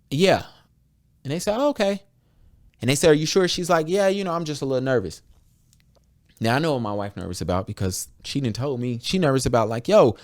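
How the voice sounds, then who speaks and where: A young adult American man hosting a podcast, talking candidly and bluntly with lots of swearing, acting out conversations in quotes. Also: mid-range voice. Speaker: podcast host. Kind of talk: candid casual podcast talk.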